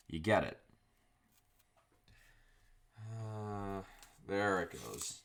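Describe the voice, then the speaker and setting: A man's voice: sits low, animated, normal speed, a little hiss or hum. A man hosting his own vlog, chatting casually while he cooks in a home kitchen, rambling through asides. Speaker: vlogger host. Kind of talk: casual cooking chat.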